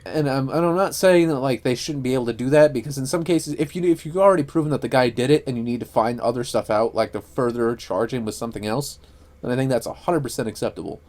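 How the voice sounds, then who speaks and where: A man's voice: mid-range voice, a little mellow. A man co-hosting a casual podcast, rambling and profane, with lots of fillers. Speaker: podcast co-host. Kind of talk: casual chat.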